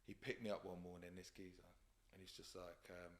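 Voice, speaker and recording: Speaking a little fast in a low voice with little pitch movement, a young man from England chats casually as a podcast guest. He tells stories from work, acting out quoted voices, with plenty of slang and swearing.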